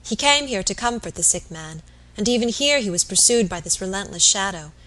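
Woman, audiobook narrator, classic novel, measured reading. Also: medium pitch, lively intonation, bright, forceful tone. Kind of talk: novel read aloud.

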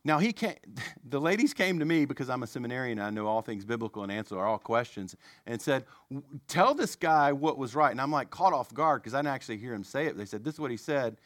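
A man preaching a sermon, telling a story in a conversational, animated way with self-deprecating asides. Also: mid-range voice, fast, hardly any pauses, no echo, clean studio sound.

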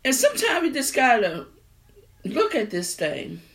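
A woman preaching a sermon. She reads scripture quietly, then preaches in a casual way, repeating her refrain with rising fervor. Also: high voice, wildly swooping pitch, unhurried. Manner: builds from quiet reading to fervent, repetitive preaching; colloquial, drops verbs in speech.

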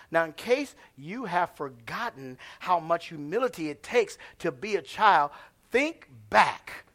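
A man preaching a sermon as pastor. He swings from hushed asides to shouted lines and calls out to the congregation. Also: on the high side.

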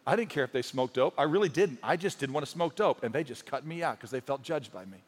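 A man's voice: mid-range voice, animated, quick pace, breathy edge. A male pastor preaching a sermon in a conversational, storytelling way, with humor and rising emphasis. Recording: long hall reverb.

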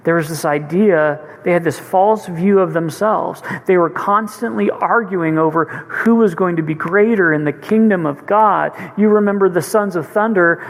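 High-voiced preacher in a reverberant hall. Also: male voice, moderate pace, hardly any pauses. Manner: earnest, retelling scripture with urgency. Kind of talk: sermon.

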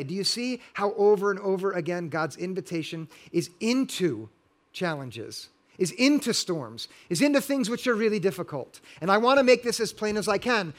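A man's voice: high voice, a bit bright. A middle-aged male pastor preaching a sermon, earnest and building to emphatic exhortation.

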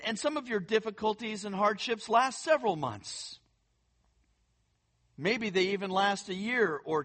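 A pastor preaching an earnest, emphatic sermon, often repeating words for emphasis and building to loud stressed phrases. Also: mid-range voice.

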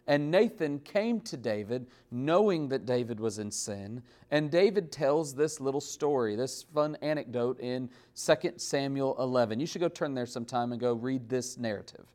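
A man's voice: mid-range voice, expressive, moderate pace, a little mellow. A man preaching a sermon, emphatic, with big swings in volume and pace as he builds and drops his points. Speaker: pastor.

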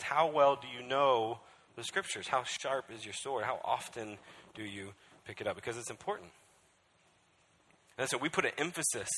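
A man's voice: mid-range voice, bright, forceful tone, slightly rough. A male pastor preaching a sermon with emphasis, often checking in with the crowd by asking "right?". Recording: echoey hall.

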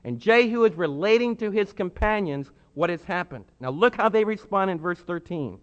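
Man preaching, high voice, emphatic, hushed then loud, long hall echo, muffled sound. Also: expressive, moderate pace, few pauses, smooth. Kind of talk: sermon.

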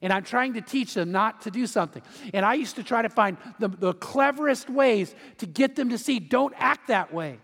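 A man's voice: very high-pitched, brisk, hardly any pauses, a bit bright. A middle-aged male pastor preaching a sermon in a conversational way, acting out quotes and family stories. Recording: long hall reverb.

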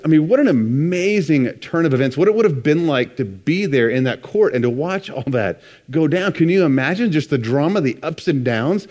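A man's voice: medium pitch, darkish tone. A man preaching a conversational sermon, retelling scripture with casual asides. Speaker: pastor.

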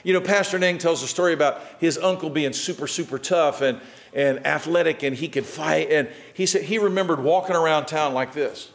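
Animated male preacher, high-pitched. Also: brisk. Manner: animated preaching with dramatic swings in pitch and loudness. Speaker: pastor. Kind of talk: sermon.

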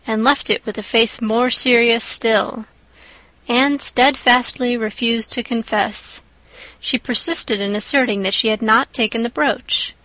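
A woman narrating a classic storybook audiobook in a measured, expressive way. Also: fairly high pitch, no room sound, low-quality recording.

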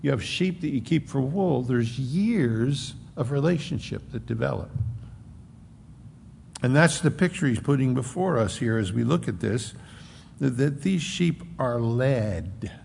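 A man preaching a sermon, emphatic and conversational, slowing down to stress points. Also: mid-range voice, lively intonation, vocal fry, darkish tone. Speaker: pastor. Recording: long hall reverb, faint noise.

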